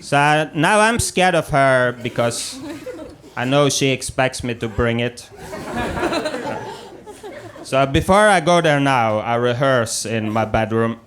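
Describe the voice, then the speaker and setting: A man's voice: medium pitch, expressive, slow pace, long pauses. A man doing a stand-up comedy set, acting out scenes in exaggerated, raised voices. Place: comedy club stage. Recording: audience crowd noise.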